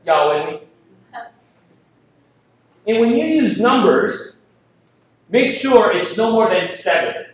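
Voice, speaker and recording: A man from the Philippines gives a lively live presentation in a conference hall, joking and asking the audience questions. He has a high voice, takes it slowly with long pauses, and the distant mic yields an echoey, dull sound.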